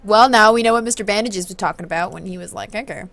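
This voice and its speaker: A woman in her twenties from southern California, chatting in a rambling, self-deprecating way as she plays through a game, with sudden bursts of excitement. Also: mid-range voice, fast talker. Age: 20s. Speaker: let's-play host. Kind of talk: casual commentary while reading a game.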